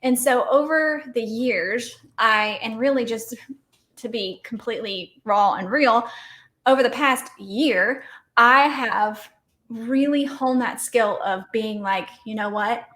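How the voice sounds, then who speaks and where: A woman's voice: a little high, takes it slowly, a bit bright. A woman co-hosting a casual livestream with her husband, speaking candidly and acting out quotes with animation. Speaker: co-host. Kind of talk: casual couple's livestream talk.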